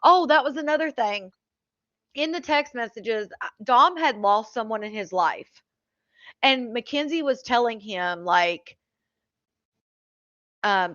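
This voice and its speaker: A woman's voice: fairly high pitch, animated, normal speed, fairly bright tone, no echo. A woman giving casual, indignant reaction commentary, rambling with frequent fillers. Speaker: true-crime commentator. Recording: dull lo-fi dry audio.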